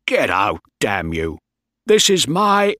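A man voicing an angry, commanding ship captain who shouts in outrage. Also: mid-range voice, huge pitch swings, takes it slowly, dry recording, clean studio sound, exaggerated voice. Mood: outraged. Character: furious old male ship captain, commanding.

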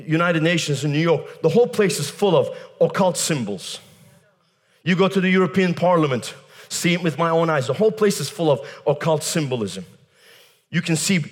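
A man preaching a fiery sermon, shouting, breaking into tongues and mocking laughter. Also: on the high side. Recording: long hall reverb.

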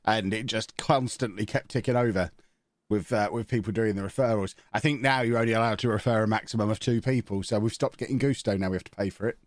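A man's voice: lowish voice, fast, no echo, clean studio sound. A man hosting a podcast, chatting casually with teasing, wry banter. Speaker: podcast host. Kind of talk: casual chat.

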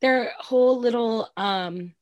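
A young woman in casual chat, giving blunt, animated, profane commentary. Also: a little high, slow pace, dry recording, lo-fi sound. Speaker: podcast co-host.

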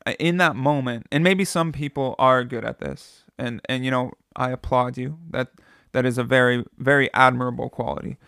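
A man in his thirties delivers a sermon in a middle-pitched voice. He speaks earnestly and conversationally, circling back to repeat his phrases. The sound is close and dry, with no room echo. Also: fairly even intonation, moderate pace, a bit bright. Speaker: pastor.

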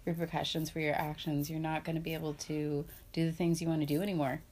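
A woman's voice: low-pitched, little pitch movement, fast, a little mellow. A woman, a mother, chatting casually and candidly, laughing often and acting out quoted lines. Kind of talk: casual chat.

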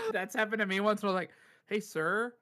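A man with a fairly high voice co-hosts a casual coffee podcast. He tells stories in an animated, chatty way and laughs often. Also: brisk. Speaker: podcast co-host, cafe worker. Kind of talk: casual chat.

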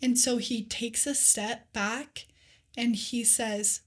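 A young woman co-hosting a faith podcast, telling scripture stories in an earnest, animated casual way with lots of "like.". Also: a little high, slow pace, slightly rough. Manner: earnest, animated storytelling with many "like"s. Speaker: podcast co-host.

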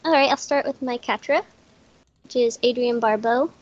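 A woman's voice: fairly high pitch, normal speed. Giggly Southern woman on muffled audio. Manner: giggly, easygoing. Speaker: podcast guest co-host. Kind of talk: casual chat. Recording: dull lo-fi audio.

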